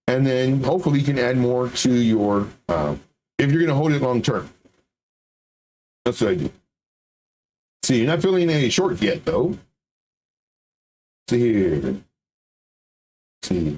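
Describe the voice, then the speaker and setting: A man teaching chart trading on a livestream, explaining in an animated way and acting out the voices of confused viewers and rival teachers. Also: medium pitch, unhurried, pauses often, slight background noise. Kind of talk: livestreamed market commentary.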